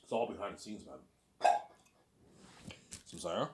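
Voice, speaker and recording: A man's voice: low voice, animated, measured pace, a little mellow, roomy sound. A man hosting his own listening series, rambling in a casual, boastful monologue and often repeating words as he restarts.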